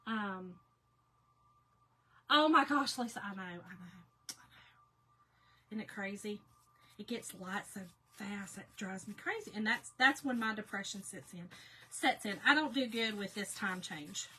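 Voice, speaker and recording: A woman hosting a casual live painting chat, reading out viewer comments in a folksy way, her voice going hoarse. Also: mid-range voice, lively intonation, normal speed, sharp tone. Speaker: crafting livestream host.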